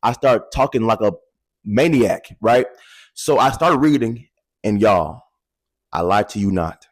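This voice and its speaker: Talking straight to the camera, a man in his twenties shares a personal story with animated candor and casual swearing. His voice is lowish, the pace measured, and there's no echo.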